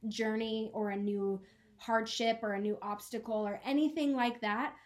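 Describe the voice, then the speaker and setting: A woman's voice: fairly high pitch, fairly even intonation. A young woman in her twenties, a podcast co-host, telling a personal story in an earnest, emotional way. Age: 20s. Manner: earnest, emotional, quick laughs. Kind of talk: casual chat, personal story.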